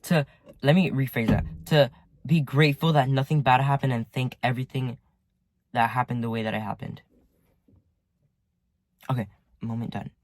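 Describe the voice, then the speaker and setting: A teenage boy talks to his viewers from his parked car at home, rambling through a casual story with heavy use of "like" and lots of swearing. The male voice is medium-pitched and steady, at a moderate pace with long pauses. The recording is dry.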